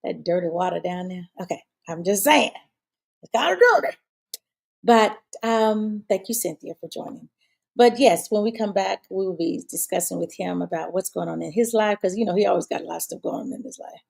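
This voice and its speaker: A woman's voice: medium pitch, brisk, creaky, warm tone. A woman hosting her own talk show, chatting casually and rambling with many fillers and restarts. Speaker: show host. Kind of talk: casual live-show chat.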